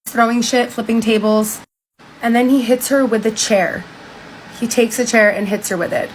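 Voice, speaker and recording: A woman's voice: fairly high pitch, steady tone, normal speed, slight background noise, poor audio. A young woman casually retelling a book for social media, chatty and full of "like", reacting with disbelief. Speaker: TikTok storyteller.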